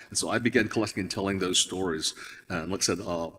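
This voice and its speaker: A man's voice: low-pitched, steady tone, fast, fairly bright tone, slight background noise. A man from Hawaii, a storyteller talking reflectively and rambling a little, with restarts. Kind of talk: storytelling talk on stage. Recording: long hall reverb.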